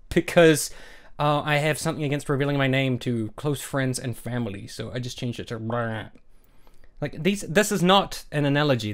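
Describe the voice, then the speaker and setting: Brief: an irate man vlogging a cursing, sarcastic rant, middle-pitched voice. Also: animated, moderate pace. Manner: angry, sarcastic, heavily profane. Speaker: YouTuber. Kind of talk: profane rant vlog.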